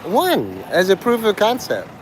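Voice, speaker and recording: Man, higher voice, crude provocative joking, outdoor street livestream, faint traffic noise. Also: huge pitch swings, a little slow, poor audio.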